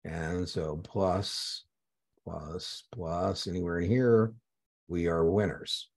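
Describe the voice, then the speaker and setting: A male exam prep instructor with a very deep, low voice. He lectures live online in an energetic, conversational way and punctuates his points with emphatic "boom"s. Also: slow.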